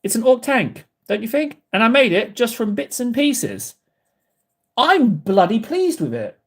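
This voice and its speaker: A livestream host paints miniatures at an indoor hobby desk, his very high-pitched voice swinging widely in pitch at a measured pace. Slightly out of breath, he rambles and makes fun of himself.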